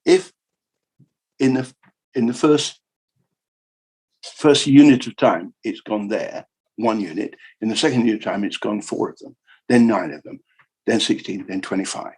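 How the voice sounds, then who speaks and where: A man giving a humorous keynote lecture on the history of maths, jokey and animated, repeating words for emphasis. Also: lowish voice, moderate pace, pauses often, breathy edge, rough recording. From United Kingdom. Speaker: keynote speaker.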